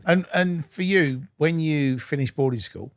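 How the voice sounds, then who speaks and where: A man's voice: a little high, unhurried, no room sound, studio quality. Blunt, sweary male podcast host. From England. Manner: blunt, swears, chips in with short reactions. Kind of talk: casual interview.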